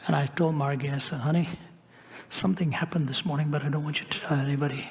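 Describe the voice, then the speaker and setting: An older man telling a story in a sermon, dropping at times to a hushed whisper. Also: a little high, steady tone, quick pace, big-room sound, a little hiss or hum. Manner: dramatic shifts to a hushed whisper. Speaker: preacher.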